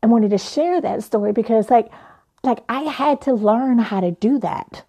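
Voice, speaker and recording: A young adult woman, a life coach, telling a personal story in an animated, playful way. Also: a little high, normal speed.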